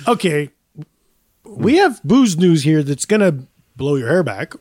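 A man riffing as a podcast co-host, his voice a touch higher than most and recorded dry with no room sound. He jokes wryly and laughs often. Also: very animated, unhurried, darkish tone, no room sound. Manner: joking, laughs often, wry. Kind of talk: casual comedic chat.

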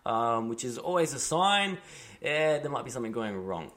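Male podcast host, mid-pitched, expressive intonation, easygoing and teasing. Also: moderate pace. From Australia. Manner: easygoing, teasing, drops voice low for asides. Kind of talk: casual chat.

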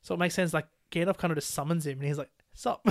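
A lively podcast co-host in easy film talk, stringing thoughts together with "like" and jumping into quoted lines from scenes. The voice is close and dry, with no room sound. The pitch stays at an ordinary middle level. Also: racing, no room sound. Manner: animated, full of "like" fillers, laughs while retelling scenes. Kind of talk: casual film discussion.

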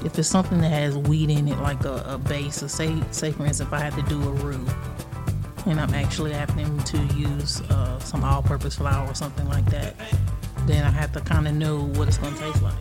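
A woman chef answering interview questions in a relaxed, easygoing way. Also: sits low, brisk. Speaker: chef guest. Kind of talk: casual interview chat. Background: music.

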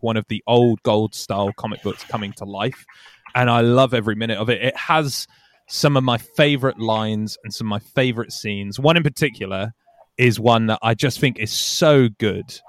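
A man's voice: medium pitch, no room sound. A British man co-hosting a film podcast, chatting casually and enthusiastically, often laughing and acting out scenes. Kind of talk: casual chat.

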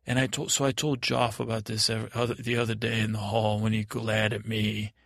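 A man's voice: lowish voice, level tone, a little fast, gravelly, fairly bright tone, no echo, clean studio sound. A man playing a timid, dreamy boy prince, stammering and meandering through an improvised bedtime story. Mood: rambling.

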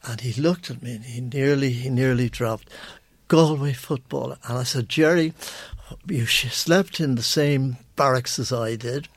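A man's voice: mid-range voice, moderate pace, slightly rough, no echo. An older man with an Irish accent, a guest on a radio show, telling rambling anecdotes full of restarts. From Ireland. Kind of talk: radio interview.

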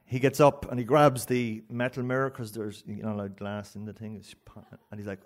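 An Irish man telling a story live on stage, in an animated, rambling way. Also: mid-range voice, a little fast. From Ireland. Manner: rambling and animated, with frequent restarts and laughs.

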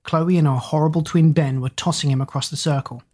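Measured storybook narrator. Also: medium pitch, fairly even intonation, darkish tone, breathy edge.

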